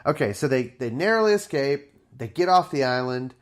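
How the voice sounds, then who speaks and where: A man co-hosting a podcast, casually retelling a film plot in a slangy, relaxed way. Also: mid-range voice, a little fast. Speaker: podcast co-host. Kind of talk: casual chat.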